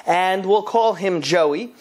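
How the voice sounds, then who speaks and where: A man in his thirties, a rabbi telling a story and acting out every character with lively delivery. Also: high-pitched, takes it slowly. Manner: animated, acts out every character. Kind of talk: storytelling talk.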